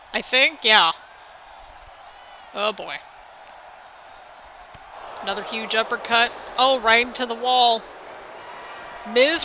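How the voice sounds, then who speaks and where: A woman hosting a gaming video gives excitable play-by-play of a wrestling video game, her voice bright, sharp and a little high. She exclaims constantly, frets out loud, and talks to her viewers as real people. The audio is poor, with a faint hiss behind her.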